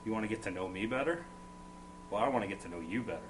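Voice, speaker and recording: A man's voice: fairly low pitch, lively intonation, rapid-fire, close to an everyday voice. Give me a man playing a swaggering, boastful macho construction worker, rude and full of himself, with a noisy hum behind. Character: cocky macho male construction worker on a date. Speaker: sketch actor. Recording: noisy amateur recording with hum.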